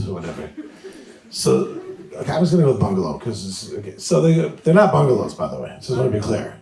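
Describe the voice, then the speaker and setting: A male rabbi telling a humorous story to a live audience, acting out the dialogue with lively energy. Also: lowish voice, racing, creaky. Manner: animated, humorous, acts out dialogue. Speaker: rabbi, speaker. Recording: echoey room.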